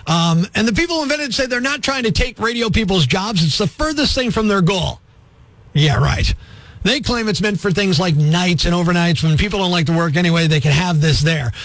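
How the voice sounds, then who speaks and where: A man's voice: high-pitched, expressive, brisk, few pauses, a bit bright, no room sound. A male morning radio host delivering a sarcastic, self-mocking comedy monologue on a studio mic.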